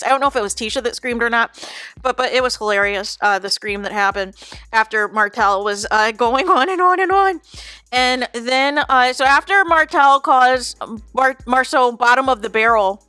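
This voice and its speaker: Woman, reaction host, casual chatty commentary, high bright voice, dry close sound. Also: normal speed, clear, resonant tone, no room sound. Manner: chatty, addresses viewers as "you guys".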